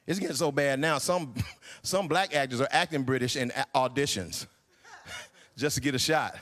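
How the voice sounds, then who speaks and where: A man in his sixties performing a stand-up comedy routine, incredulous and animated. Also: sits high, moderate pace, long reverb tail. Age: 60s. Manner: animated, incredulous, acts out voices. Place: church hall stage.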